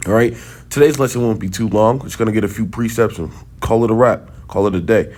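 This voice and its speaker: A man giving a sit-down religious teaching in loose, casual talk. He checks in often with quick tags and turns heated and scornful. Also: lowish voice, a little mellow. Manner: talks loosely, checks in with "right?" and "okay?".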